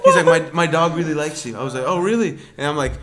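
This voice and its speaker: A young man telling a work story in casual podcast chat, quoting people in a lower voice. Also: very noisy. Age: young adult. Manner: animated, quick, quotes people in low voices. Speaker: podcast guest.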